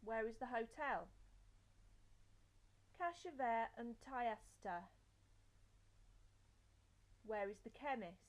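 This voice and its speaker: Slow, careful young woman learner. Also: fairly high pitch, lively intonation. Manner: slow, careful drill of phrase pairs. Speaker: language learner. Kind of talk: reading out phrases and their translations.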